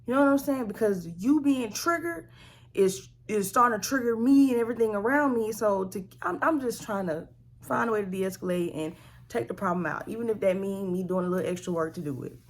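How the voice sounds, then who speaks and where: A woman vlogger telling a family story in a slangy, animated, conversational way. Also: medium pitch, fairly quick. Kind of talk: storytime vlog.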